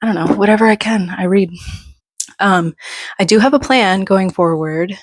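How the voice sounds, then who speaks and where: A woman's voice: mid-range voice, moderate pace, no echo, clean studio sound. A woman in her thirties, a little out of breath, chatting in a rambling, self-deprecating way from her bedroom floor. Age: 30s. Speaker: book vlogger. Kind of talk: casual chat.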